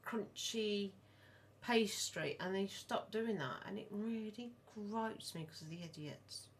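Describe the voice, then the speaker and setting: A middle-aged woman, co-hosting a casual podcast and telling long, animated stories. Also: medium pitch, slow pace, a little hiss or hum. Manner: rambling, animated storyteller. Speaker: podcast co-host, mother of the other host. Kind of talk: casual chat.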